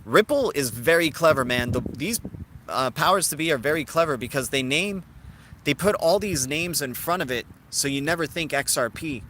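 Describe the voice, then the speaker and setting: A man's voice: a little high, lively intonation, moderate pace, pushed and bright, slight background noise. A man hosting a casual live stream, talking through ideas and answering viewers in the chat. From Cuban heritage. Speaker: crypto livestream host.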